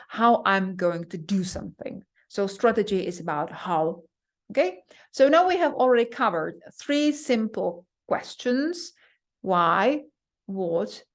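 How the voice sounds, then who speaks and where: A woman explains a topic step by step in a relaxed lecture, earnest and plain-spoken. She restarts sentences and repeats her key words as she goes. Her voice sits at a middle pitch. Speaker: instructor. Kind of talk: explanatory lecture on project management.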